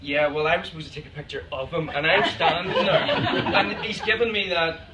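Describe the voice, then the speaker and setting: Irish male storyteller, slightly high voice, distant and roomy, noisy recording. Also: moderate pace. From Ireland. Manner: chatty, laughs often, acts out quoted exchanges. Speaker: photographer giving a talk. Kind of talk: anecdotal storytelling to an audience. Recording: echoey room, distant mic, noisy.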